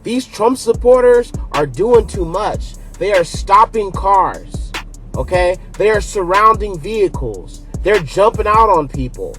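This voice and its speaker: Man, higher voice, emphatic commentary host, faint music behind. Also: sing-song, unhurried, fairly bright tone. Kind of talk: casual commentary to camera.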